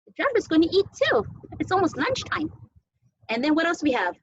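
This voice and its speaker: High-voiced playful teacher woman. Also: big pitch swings, brisk, lo-fi sound. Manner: sing-song, playful with children, making animal sounds. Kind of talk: cooking and teaching toddlers at home.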